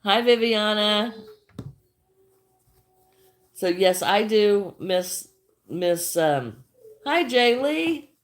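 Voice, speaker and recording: A woman's voice: medium pitch, animated, drawn-out words, pauses often. An older woman chatting casually on her crafting livestream, greeting viewers by name and often repeating herself. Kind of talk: casual livestream chat while crocheting.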